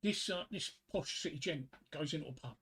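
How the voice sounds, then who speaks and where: Hombre británico titubeante contando chistes. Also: male voice, a little high, fairly bright tone, slightly rough. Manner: halting, with many repeated words and fillers. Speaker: livestreamer. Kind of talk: casual joke-telling on a livestream.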